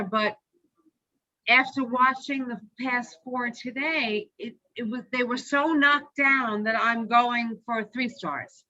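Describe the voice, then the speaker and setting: A woman's voice: on the high side, unhurried, pushed and bright, no echo. Enthusiastic woman on a lo-fi podcast. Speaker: podcast co-host. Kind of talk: casual chat. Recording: dull lo-fi recording.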